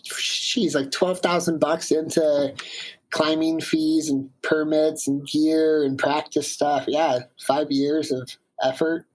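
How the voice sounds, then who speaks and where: Husky, animated male storyteller. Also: fairly high pitch, slow, rough recording. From Washington State, USA. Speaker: guest, climber. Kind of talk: casual storytelling interview.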